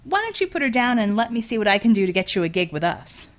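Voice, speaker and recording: A woman's voice: on the high side, very animated, fast talker. A woman voicing a cocky, scheming male superhero who talks with brash, teasing salesman patter. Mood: smooth salesman.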